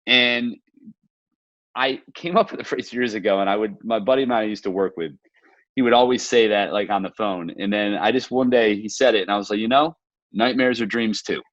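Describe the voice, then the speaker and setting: A man's voice: fairly low pitch, fast, no room sound, highs cut off. A man hosting a casual conversation, talking earnestly and reflectively, often telling short stories with quoted asides. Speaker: podcast host. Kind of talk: casual video-call conversation.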